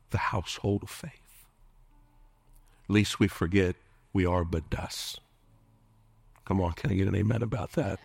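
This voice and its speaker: A middle-aged man preaching a fiery sermon in a fairly low voice, recorded close and dry. He calls out to his congregation for responses and swings between strong declarations and hushed whispers. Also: creaky, husky, dry recording. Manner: impassioned preaching, dropping at times to a hushed whisper. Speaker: pastor.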